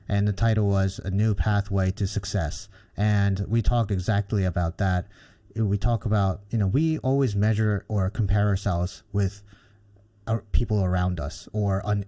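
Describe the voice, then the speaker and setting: A man's voice: lowish voice, mellow. A man hosting a podcast interview, speaking thoughtfully and rambling a little with fillers. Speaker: podcast host.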